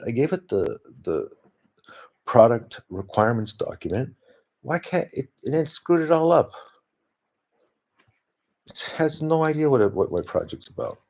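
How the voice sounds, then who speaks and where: A man's voice: lowish voice, darkish tone, husky. A man talking in a rambling, casual monologue, often laughing and restarting his sentences. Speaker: vlogger. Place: home, talking to his dog.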